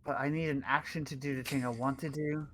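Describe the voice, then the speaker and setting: A player at a tabletop game, hesitant and thinking out loud about moves. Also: medium pitch, steady tone, quick pace, soft background music. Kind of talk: casual tabletop play.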